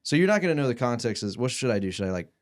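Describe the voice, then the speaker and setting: A man's voice: medium pitch, big pitch swings, racing. A young man in casual podcast chat, rambling and swearing with lots of fillers. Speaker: podcast guest.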